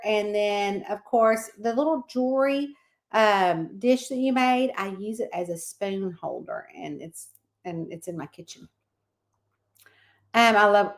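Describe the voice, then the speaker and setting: A woman's voice: medium pitch, animated, takes it slowly, pauses often. A woman hosting a casual livestream, chatting and reading out viewer comments by name. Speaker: livestream host.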